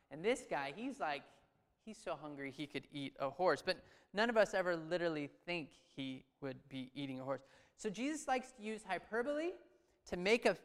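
A man preaching a sermon in a church hall, his smooth, resonant voice trailing off into a long reverb. He talks loosely and conversationally, with restarts, and asks the crowd questions as he goes. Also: high voice, fairly bright tone. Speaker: pastor. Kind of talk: sermon with scripture reading.

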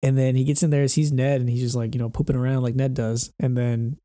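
A man talks through a film scene in casual, rambling chat, slipping into quoted lines along the way. His voice is warm and mellow. The recording is dry, with no room sound. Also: medium pitch, fast talker, dry recording. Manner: rambling, animated, acts out quotes. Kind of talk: casual movie discussion.

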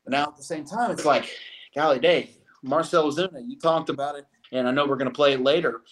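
A man's voice: on the high side, fairly even intonation, quick pace. A man co-hosting a sports podcast, talking casually in a rambling way with many restarts.

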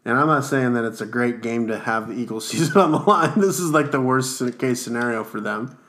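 A man's voice: mid-range voice, fairly quick, fairly bright tone. A man co-hosting a casual sports podcast, teasing his partner with blunt, profane questions.

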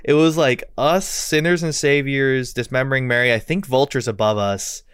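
A man's voice: mid-range voice, fairly even intonation, moderate pace, a bit bright, clean tone, no room sound, clean studio sound. A young man chatting casually on a podcast as a musician guest, swearing freely and laughing as he tells stories. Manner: profane, laughing storyteller. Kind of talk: casual chat.

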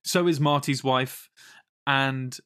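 A man co-hosting a podcast, reviewing a film in casual, animated chat, laughing often and swearing freely. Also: medium pitch, slow, clear, resonant tone. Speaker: podcast co-host.

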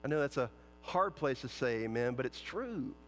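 A man preaching a sermon as pastor, telling a scripture story in a playful, animated way and acting out the quotes. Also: mid-range voice, normal speed, slight background noise. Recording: long hall reverb.

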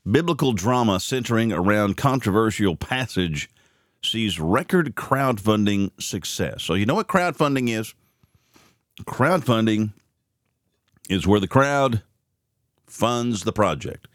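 A man's voice: unhurried, no echo, clean studio sound. A man hosting a morning radio and podcast program, rambling and opinionated in casual commentary. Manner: opinionated, rambling, animated pitch swings.

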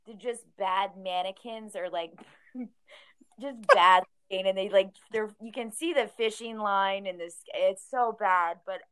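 A woman's voice: medium pitch, unhurried, a bit bright, smooth. A woman who owns a record store, chatting casually as a podcast guest, laughing often and acting out quotes.

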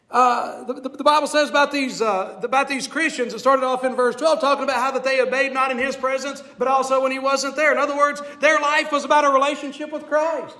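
A man's voice: very high voice, sharp tone. A man preaching a sermon to a congregation, asking "Amen?" and reading scripture aloud. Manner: preaching with call-and-response "Amen?"; reads King James scripture aloud. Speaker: pastor.

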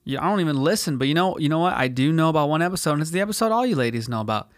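A man's voice: a little high, expressive, very fast, dry recording, clean studio sound. A man in his twenties from California, hosting a podcast in a rambling, profane solo rant that leans on "dude" constantly. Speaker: podcast host.

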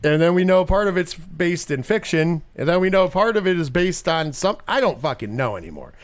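New guy hosting a podcast, kinda high voice, swears a lot, rambles and restarts. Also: a little fast. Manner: animated, profane, rambling with restarts. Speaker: podcast host. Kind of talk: casual chat.

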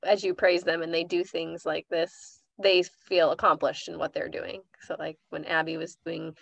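Low, gravelly woman podcast co-host. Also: moderate pace, dry recording. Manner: relaxed, asks questions, short agreeing replies. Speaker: wellness coach and podcast co-host. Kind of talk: casual podcast chat.

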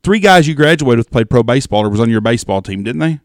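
Male podcast host, mid-pitched, folksy questioner, dry close sound. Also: animated, fast, no echo. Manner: folksy, asks leading questions. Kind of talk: casual interview chat.

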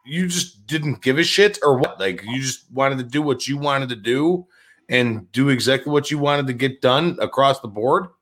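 A man's voice: mid-range voice, lively intonation, moderate pace, a bit bright. A man hosting a sports talk show, asking loose, rambling questions in a casual way. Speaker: host. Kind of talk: casual interview.

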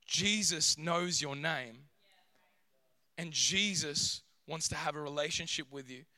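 Male preacher, high bright voice, smooth, animated storytelling delivery, dry sound. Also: slow, dry recording. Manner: animated, acts out scenes in character voices. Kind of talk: sermon.

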